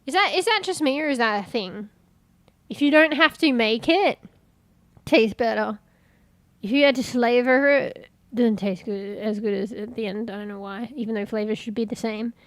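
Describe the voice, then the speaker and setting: A woman's voice: fairly high pitch, normal speed, no echo. A woman, chatting casually and rambling while streaming, swearing offhand and sounding congested.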